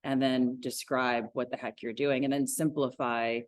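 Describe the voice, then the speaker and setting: A woman in her forties, a yoga teacher, talking about her practice in a casual podcast interview, enthusiastic and quick to laugh. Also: very deep voice, little pitch movement, dry recording. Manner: enthusiastic, laughs easily, thoughtful.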